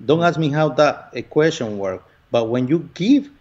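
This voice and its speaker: Earnest man with halting speech. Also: fairly high pitch, expressive, darkish tone, dull audio. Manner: earnest, halting, many fillers. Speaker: lottery winner guest. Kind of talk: conversational interview.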